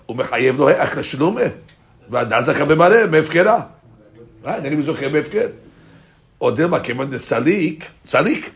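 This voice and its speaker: A man teaching a daily Talmud class, an animated storyteller who mixes Hebrew and Aramaic into his English. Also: a little high, normal speed, vocal fry.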